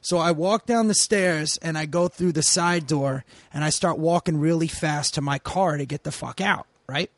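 Comedian, 40s, male, high-pitched, animated and profane, quotes people in character, dry mic. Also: moderate pace, hardly any pauses, dry recording. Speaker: comedian guest. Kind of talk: casual podcast storytelling.

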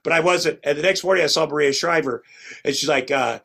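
A middle-aged man on a podcast spins long anecdotes in casual chat. He rambles and restarts, then slips into the voices of the people in his stories. His voice sits a little high. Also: brisk, creaky, bright, forceful tone. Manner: rambling, restarts often, acts out quoted lines. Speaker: podcast guest.

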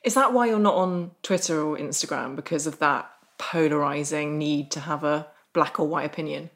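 A woman hosting a podcast interview, asking questions in a wry, lively way. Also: sits low, moderate pace. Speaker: podcast host. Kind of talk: casual interview.

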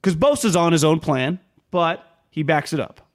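A man co-hosting a sports talk podcast, with a voice pitched a bit high for a man. He talks in a lively, animated way and keeps slipping into quick impressions of the players he is quoting. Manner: animated, quotes players in mock voices, many restarts.

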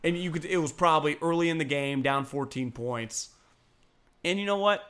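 Sports talk co-host: man, bright forward tone, loose and profane, meanders through his thoughts. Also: on the high side, animated, normal speed, clear, resonant tone. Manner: rambling, profane, laughs often. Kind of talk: casual sports chat.

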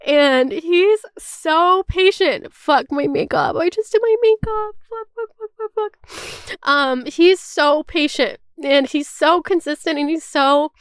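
A high-pitched woman in her twenties hosts a podcast, speaking slowly with few pauses in clean, echo-free studio audio. Her casual chat is candid and emotional, rambling along with constant "like" fillers and easy swearing.

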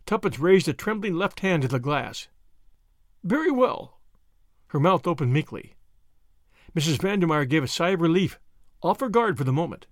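A man reading a novel aloud with expressive storytelling delivery. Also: a little high, fairly quick, no echo, clean studio sound. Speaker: audiobook narrator. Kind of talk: scripted novel narration.

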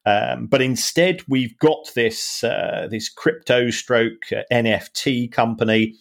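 A man co-hosting a podcast, analysing in a wry, halting way with many restarts. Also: mid-range voice, fairly even intonation, gravelly. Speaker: podcast co-host and finance analyst. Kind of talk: casual podcast chat.

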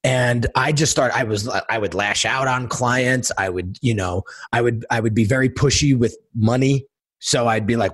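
A middle-aged man telling his life story in a casual interview, animated, acting out quotes and often repeating words. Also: medium pitch, normal speed, slightly rough, dry recording. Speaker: guest entrepreneur and designer.

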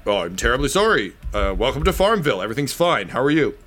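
A man's voice: medium pitch, big pitch swings, fast talker, a bit bright. A man voicing a nervous, evasive male meat plant worker who stammers and keeps insisting everything is fine. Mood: flustered. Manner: stammering, jittery, overly reassuring.

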